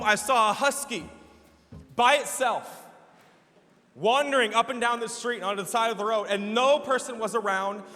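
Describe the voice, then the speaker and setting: Bright-voiced pastor guy preaching, big reverby church hall. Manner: animated, laughing storyteller with falsetto imitations. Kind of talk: sermon storytelling. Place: church sanctuary.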